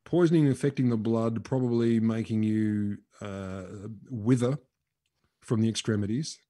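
A man from Australia co-hosting a casual podcast, guessing at old disease names with deadpan jokes and silly asides. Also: fairly low pitch, moderate pace. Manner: jokey, deadpan wisecracks. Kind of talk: casual comedic chat.

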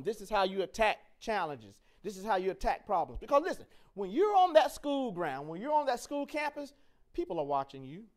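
At a teen camp, a high-voiced man runs a hands-on leadership class, throwing questions to the group and getting answers back. He spells out words, repeats the main ideas emphatically, cheers the kids on and cracks jokes with them.

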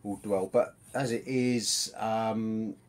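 A man's voice: lowish voice, steady tone, slow pace, darkish tone. A man hosting a football podcast in casual chat, talking with many repeated words and restarts. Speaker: podcast host.

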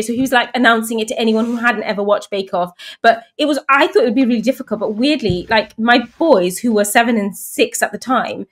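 A woman in her thirties from England, a guest telling stories in casual chat and acting out the voices of the people she quotes. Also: fairly high pitch. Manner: animated storyteller, acts out quoted voices.

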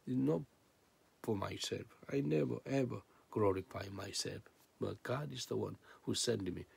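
A man preaches a sermon in broken, non-native English, his voice showing vocal fry and a breathy edge. He swings between loud, emphatic peaks and low, hushed asides.

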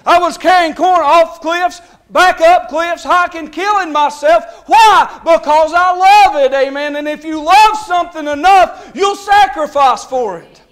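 A man's voice: very high voice, a little slow, a bit bright. A middle-aged man preaching a Baptist sermon in a church, pleading and calling on people by name. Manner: impassioned, pleading, calls on congregants by name. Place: church sanctuary.

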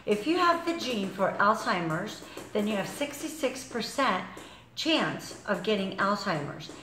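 A woman's voice: medium pitch, big pitch swings, measured pace, bright, forceful tone, slight background noise. A woman fitness instructor demonstrating a workout, counting reps aloud while exercising and getting out of breath. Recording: echoey room, far from mic.

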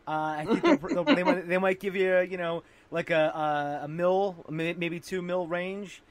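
A man's voice: high voice, unhurried, crowd noise. A man hosting a podcast, bantering and laughing with his guest. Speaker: podcast host. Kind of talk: casual podcast interview.

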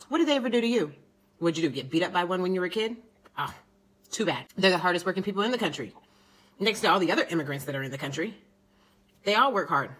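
A young woman from the United States vents to her camera in an animated, indignant vlog rant. Her voice sits slightly low, and her delivery turns sarcastic as she presses her points. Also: poor audio. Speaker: vlogger.

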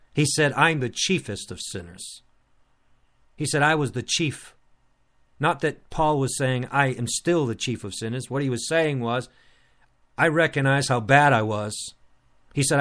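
Man, preacher, sermon, fairly high pitch, earnest, repeats and restarts phrases. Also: a bit bright.

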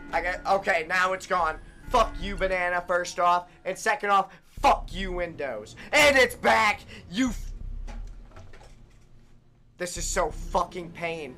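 A man's voice: high-pitched, expressive, normal speed, faint music behind. Exasperated young man ranting over a game. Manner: ranting, swings from shouting to muttering; heavy swearing, exasperated. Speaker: gaming streamer. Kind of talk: live gameplay commentary.

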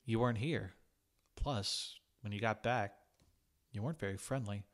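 A shy, earnest young woman in a storybook reading, as a man puts her on. She speaks softly and sincerely, in a lifted voice over a fairly low base. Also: normal speed, lightly acted.

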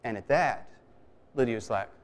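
A man preaching a sermon, telling a story in a relaxed, conversational way with many restarts. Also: medium pitch, measured pace. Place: church sanctuary. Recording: long reverb of a church hall.

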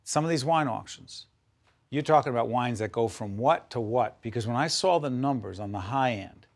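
A man's voice: mid-range voice, animated, normal speed, gravelly. A middle-aged man hosting a TV interview, enthusiastic and playful, often jumping in. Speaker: TV interview host.

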